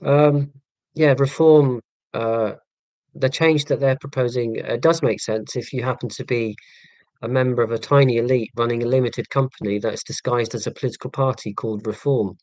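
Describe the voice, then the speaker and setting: A man's voice: mid-range voice, steady tone, normal speed, a little mellow, no echo. Rambling man in his forties, dry sound. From northeast Scotland. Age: 40s. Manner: rambling, self-deprecating, frequent ums and restarts. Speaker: livestream host. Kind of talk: casual live-stream chat reading comments.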